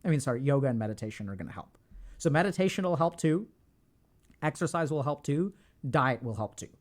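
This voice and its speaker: A middle-aged man hosting a livestream lectures his chat about mental health, casual and emphatic, repeating phrases for stress and talking to them informally and directly. He sounds animated and brisk, with a fairly high pitch.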